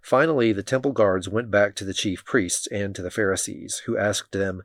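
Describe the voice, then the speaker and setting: Low-voiced man reading scripture. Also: no room sound, clean studio sound. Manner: steady, measured reading. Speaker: scripture reader. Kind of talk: Bible reading aloud.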